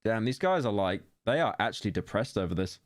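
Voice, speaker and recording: A man's voice: fairly low pitch, lively intonation, brisk, no room sound, clean studio sound. A young British man streaming, reading posts aloud and reacting with wry, mocking commentary and laughs.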